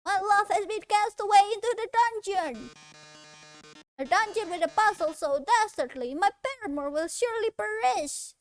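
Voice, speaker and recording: A woman's voice: very high voice, animated, normal speed, a little hiss or hum. A woman voicing a flamboyant male robot TV star, speaking in a theatrical, showy way and calling others darling. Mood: melodramatic.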